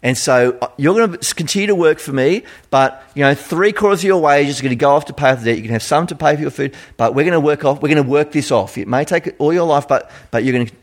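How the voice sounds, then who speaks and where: A man voicing a king who calmly lays out a repayment plan to a servant. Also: fairly high pitch, fast talker, hardly any pauses, close to an everyday voice. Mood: businesslike. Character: stern male king setting terms.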